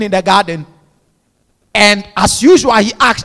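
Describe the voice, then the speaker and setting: A man's voice: sits high, animated, measured pace, pauses often, sharp tone, in a large hall. A male pastor preaching a fervent sermon in a church, calling on the congregation to repeat after him. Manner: fervent preaching with call-and-response exhortations.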